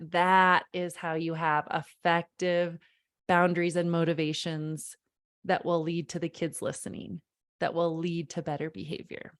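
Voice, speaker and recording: A parenting coach, a woman whose voice sits on the low side, leads a live online workshop. She speaks with emphasis, repeating important phrases and talking directly to those watching.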